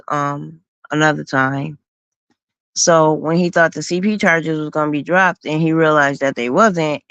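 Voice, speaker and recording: A woman hosting a stream, slowly recounting events in a casual storytelling manner. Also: low-pitched, clean tone, no room sound. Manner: slow, recounting events with acted quotes. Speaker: host.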